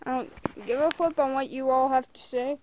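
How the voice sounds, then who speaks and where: A woman hosting a gaming video from a bed at home, rambling in casual let's play commentary and quick to get annoyed. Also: sits high, fairly even intonation, a little mellow, slight background noise.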